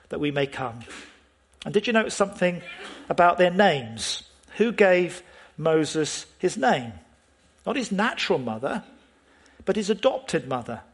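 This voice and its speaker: A man's voice: on the high side, husky. A man preaching a sermon, earnest in manner, often putting questions to the congregation and leaning on key words.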